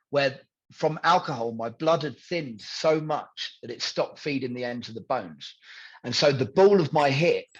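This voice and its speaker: A man in his thirties, appearing as a podcast guest, tells his own story candidly and animatedly, acting out other people's dialogue in quoted voices. His voice is fairly high, and the highs are cut off.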